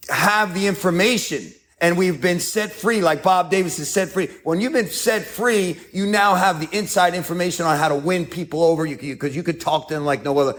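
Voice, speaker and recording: New york guy sharing at a meeting, kinda high voice, acts out the bar scenes, pokes fun at himself. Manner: animated storyteller acting out bar scenes, self-mocking. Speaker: AA speaker. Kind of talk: recovery meeting talk, storytelling.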